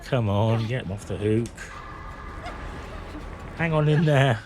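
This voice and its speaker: A man's voice: medium pitch, takes it slowly, long pauses, noisy background. A man chatting to his viewers while he streams a game, rambling and joking between rounds. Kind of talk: live gameplay commentary.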